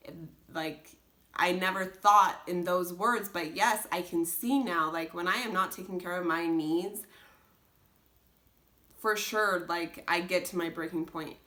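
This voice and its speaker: A woman's voice: lowish voice, a little slow, sharp tone. A young woman talking casually as a homeschooling mom, earnest and rambling, full of restarts and "like". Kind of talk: casual chat.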